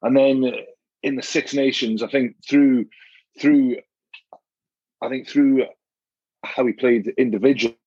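A man who has captained rugby teams, talking as a guest in a casual chat, measured and thinking aloud with frequent restarts. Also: mid-range voice, steady tone, a little mellow, slightly rough, no room sound, lo-fi sound. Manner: measured, reasoning aloud with repeats.

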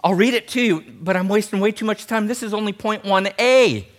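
A man preaching a sermon as pastor, animated and jokey, talking straight to his congregation. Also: sits high, fairly quick.

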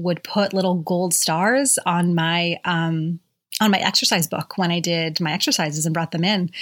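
A woman's voice: mid-range voice, fairly bright tone. A woman in her thirties hosting her own podcast, talking candidly and chattily, with casual swearing and plenty of fillers. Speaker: podcast host. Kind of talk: casual solo podcast monologue.

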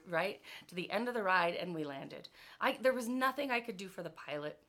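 A middle-aged woman leads her team in a motivational talk with a bright, ringing voice. She tells her stories in an animated way, filling them with "like" and "right?" and breaking into laughter often. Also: medium pitch. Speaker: leadership coach speaking to her team.

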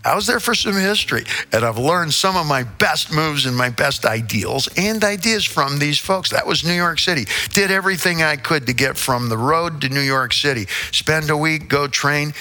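A man's voice: fairly high pitch, sharp tone. A man in his sixties, a rock singer, telling stories in a casual interview with theatrical flair, playful wordplay and the odd swear word.

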